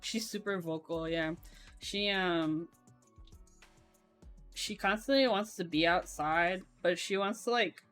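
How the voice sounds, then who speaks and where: A young woman streaming, chatting casually while she builds a keyboard, in a voice she calls monotone and with frequent laughter. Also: fairly low pitch, slow pace, long pauses, soft background music. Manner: self-described monotone voice, laughs often.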